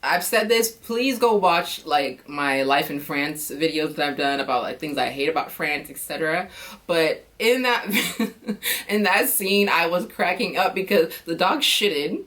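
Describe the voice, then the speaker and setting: An American woman talking casually in an animated, chatty way, acting out quick reactions as she tells stories. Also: low voice. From United States. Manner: animated, chatty storytelling with lively quoted reactions. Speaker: vlogger. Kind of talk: casual chat.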